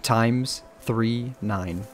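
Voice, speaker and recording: A man hosting casual co-op gaming commentary, excitable, swearing often and quick to laugh. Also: mid-range voice, soft background music. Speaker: channel host.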